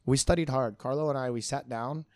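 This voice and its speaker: Middle-aged bartender, easygoing storyteller, mid-pitched voice, dry close recording. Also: male voice, brisk, no room sound. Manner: relaxed, rambling, frequent restarts. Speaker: bartender guest. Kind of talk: casual storytelling in an interview.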